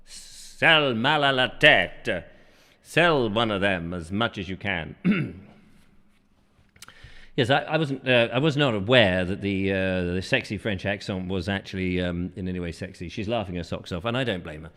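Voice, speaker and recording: A man's voice: low voice, moderate pace, a bit bright. A man hosting a casual live show, reading out viewer comments in a playful, rambling way full of jokes. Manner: playful and rambling, jokes and drifts into silly voices. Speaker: host.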